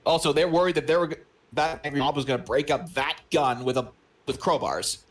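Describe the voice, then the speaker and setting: Joking man with a slightly high voice. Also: fairly quick. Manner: rambling, joking, searching for words. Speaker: co-host of a movie watch-along. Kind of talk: casual chat.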